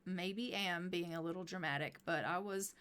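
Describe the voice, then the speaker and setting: Brief: a whiny, dramatic husband in a life-sim game, put on by a woman streamer, bright tone. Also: lowish voice, moderate pace, clean tone, pitched below the performer's own voice, natural voice.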